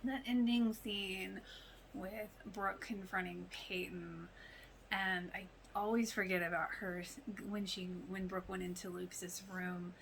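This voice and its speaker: A woman hosting a casual reaction podcast, talking in a chatty, animated way with exclamations and quoted lines. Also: medium pitch, unhurried, gravelly, slight background noise, poor audio. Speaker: podcast host reacting to a TV show.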